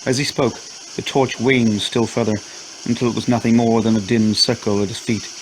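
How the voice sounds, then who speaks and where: A man narrating a scripted horror story in a steady, measured way. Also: mid-range voice, a little hiss or hum, poor audio.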